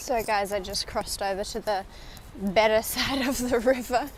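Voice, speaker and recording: A fairly high-pitched young woman chats at normal speed while vlogging on a riverside walk in a city. Holding her phone, she rambles and occasionally drops to a whisper for asides, with a little hiss or hum in the recording.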